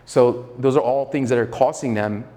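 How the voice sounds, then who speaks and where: A man's voice: medium pitch, normal speed, warm tone, big-room sound. A man giving a live sales training, talking casually and profanely with a slightly arrogant edge and acting out both sides of sales calls. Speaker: sales coach.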